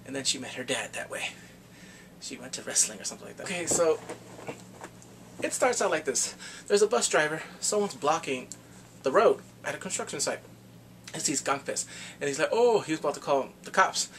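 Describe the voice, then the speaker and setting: A man casually recapping a drama, animated and laughing often as he acts out the scenes. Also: a little high, moderate pace, gravelly, pauses often, a little hiss or hum. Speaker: drama reviewer.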